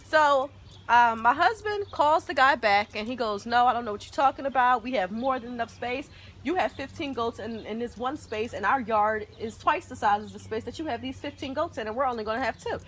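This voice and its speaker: A woman telling a story on her vlog, animated and dramatic, acting out loud quotes. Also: fairly high pitch, brisk, a little hiss or hum. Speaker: vlogger.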